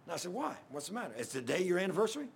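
A middle-aged pastor, preaching in a folksy, rambling storytelling way, repeating himself and getting loud at emotional peaks. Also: male voice, high-pitched, sing-song, racing, gravelly, a little hiss or hum.

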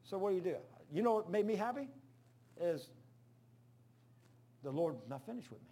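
A pastor telling a story in a sermon, animated and repetitive, breaking into loud outbursts. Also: male voice, high voice, moderate pace. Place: church.

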